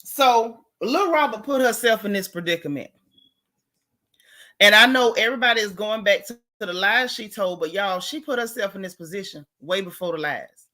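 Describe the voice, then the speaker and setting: A middle-aged woman, host of a live gossip stream, chatting in a sassy, animated, colloquial way. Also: mid-range voice, normal speed. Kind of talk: casual gossip chat, greeting live chatters.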